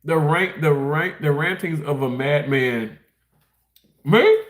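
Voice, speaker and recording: A man's voice: fairly high pitch, unhurried, fairly bright tone, echoey room. A man from Mississippi, chatting casually on a livestream, rambling, laughing and reading comments while he eats. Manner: rambling, laughs often, reads out chat comments. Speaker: livestream host reading chat.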